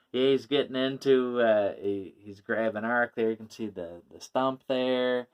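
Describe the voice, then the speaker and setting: A man casually talking through a comic book issue, rambling with many fillers and small laughs. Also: lowish voice. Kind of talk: casual chat.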